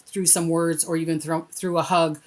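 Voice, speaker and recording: Middle-aged woman guest, slightly low voice, lively storyteller who acts out quotes. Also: moderate pace. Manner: animated, acts out quoted dialogue with lively pitch jumps. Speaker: interview guest, spiritual reader. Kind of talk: casual conversational storytelling.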